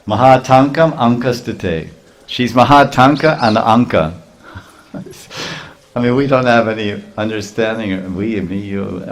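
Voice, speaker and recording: A man preaching a sermon, telling a story in an animated way with frequent chuckles and Sanskrit terms. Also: lowish voice.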